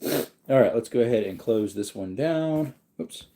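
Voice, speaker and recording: A man hosting a livestream, reading viewer comments aloud in a relaxed, rambling way while yawning. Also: mid-range voice, a little slow, slight background noise. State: sleepy, yawning. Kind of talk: casual chat.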